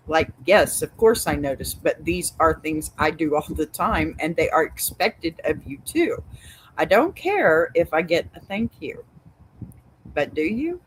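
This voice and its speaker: A woman's voice: deep voice, lively intonation, unhurried, slight background noise, rough recording. A Texan woman hosting an advice show, reading out a reader's story and then giving a blunt, sassy verdict. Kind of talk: reading and reacting to advice stories. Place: home with a dog.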